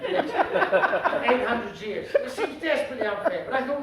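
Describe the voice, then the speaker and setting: A male stand-up comedian with a very high, very animated voice performs unhurriedly in a formal, florid manner, addressing audience members as sir and madam. He is recorded live from a distance in an echoey room, with a noisy crowd in the background.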